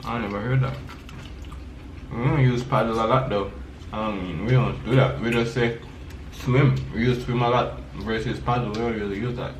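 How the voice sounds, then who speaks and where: Laid-back Jamaican man, quietly trailing off. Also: mid-range voice, steady tone, normal speed. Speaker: guest. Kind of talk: casual chat over food. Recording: roomy, from a distance, faint noise.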